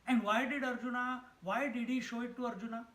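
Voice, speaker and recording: A man's voice: very high voice, steady tone, brisk, sharp tone, roomy sound, poor audio. A man giving a spiritual discourse, chanting verses and then explaining them with stories and laughter. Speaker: swami giving a scripture talk.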